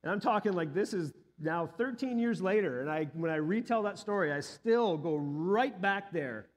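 A man's voice: high voice, expressive, normal speed. A male pastor in his thirties or forties giving a sermon, telling a personal story earnestly and building to emphatic peaks.

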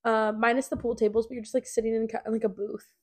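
A woman's voice: fairly high pitch, little pitch movement, fast. A young woman in her twenties co-hosting a podcast, telling stories in a chatty way with lots of fillers. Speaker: podcast co-host. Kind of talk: casual chat.

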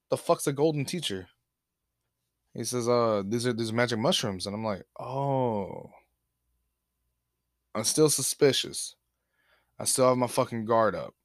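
A man's voice: medium pitch, dry recording, clean studio sound. A young man hosting a podcast, telling a profane, laid-back story full of quoted back-and-forth dialogue into a podcast mic. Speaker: podcast host. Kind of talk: casual storytelling. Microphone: podcast microphone.

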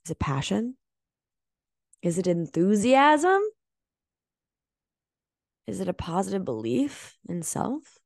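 A woman hosting a motivational energy-healing podcast, speaking earnestly and emphatically, swearing casually and slowing down to stress key words. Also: mid-range voice, sing-song, vocal fry, a little mellow, no echo, studio quality. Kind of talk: motivational coaching monologue.

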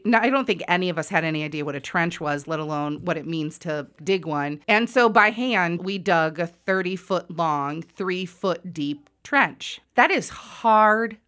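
Woman in her forties, low-ish voice, loud and sassy storyteller, self-mocking asides. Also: lively intonation, moderate pace. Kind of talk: personal story told to an audience.

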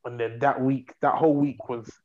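A young man telling a long story in a rambling, animated way, repeating himself. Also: mid-range voice, normal speed, narrow, tinny audio. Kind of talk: casual storytelling.

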